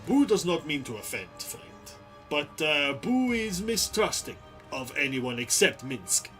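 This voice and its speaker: A man's voice: fairly high pitch, sing-song, fairly bright tone, faint music behind. A man voicing a big, earnest, simple-minded male warrior who speaks grandly of himself. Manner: grand, halting third-person speech.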